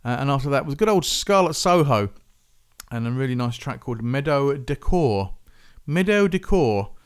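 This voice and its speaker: A man's voice: medium pitch, lively intonation, moderate pace, smooth. A man hosting a music podcast, chatting casually and rambling. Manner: rambling, chatty, self-interrupting. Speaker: podcast host.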